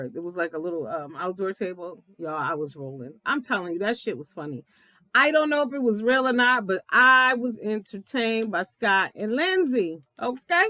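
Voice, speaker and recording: A woman giving a blunt, profane, animated recap of a reality TV episode, laughing often as she talks. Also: on the high side, dry recording. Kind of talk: casual episode recap commentary.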